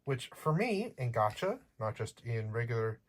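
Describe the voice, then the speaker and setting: Husky-voiced playful unboxing vlogger. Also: mid-range voice, big pitch swings, normal speed. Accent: slight accent. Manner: playful, chatty, joking asides to viewers. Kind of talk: casual unboxing chat.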